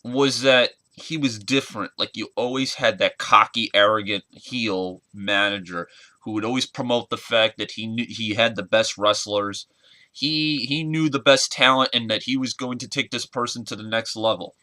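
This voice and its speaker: A man in his twenties giving an earnest, halting spoken tribute in a casual vlog, often searching for words. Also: on the low side, bright, forceful tone, no room sound. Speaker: wrestling fan vlogger.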